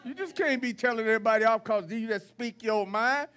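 High-voiced folksy preacher man. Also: a little fast, fairly bright tone, clear, resonant tone, some chatter behind. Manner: folksy, preachy, calls out the congregation with repetition. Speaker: pastor. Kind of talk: sermon. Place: church sanctuary.

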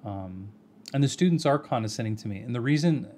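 A man giving an earnest, measured video response, addressing someone directly by name and pressing his points with rhetorical questions. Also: mid-range voice, expressive, darkish tone, slight background noise. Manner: earnest, argumentative, addresses the other person by name. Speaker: video commentator.

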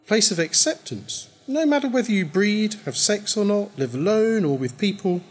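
A man reading aloud, voicing a confident young woman who teases and coaxes in a raised, husky voice. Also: high-pitched, big pitch swings, normal speed, pitched above the performer's own voice, full character voice. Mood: coaxing. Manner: teasing, persuasive.

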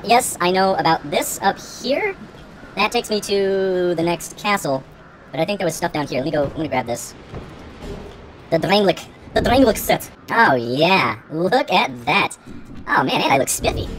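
Excitable woman yelling at a video game. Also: fairly low pitch, slight background noise. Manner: wry self-mocking asides. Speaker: let's play gamer. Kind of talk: gameplay commentary.

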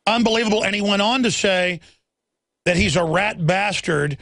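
A man's voice: sits high, moderate pace, a bit bright, dry recording, clean studio sound. A man hosting a talk radio interview, speaking urgently and pressing his guests. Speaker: host.

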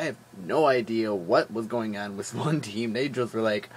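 A man rambles through his daily vlog, tired but jokey and animated. His voice sits at an ordinary middle pitch and is full of fillers and quick asides. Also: breathy edge. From Wisconsin. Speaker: vlogger. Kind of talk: casual daily vlog chat.

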